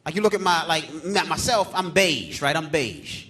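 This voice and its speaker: A man in his thirties doing live stand-up comedy on a theater stage, telling loud, profane stories about his kids and acting them out in squeaky shouts. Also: lively intonation, moderate pace. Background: live audience laughter.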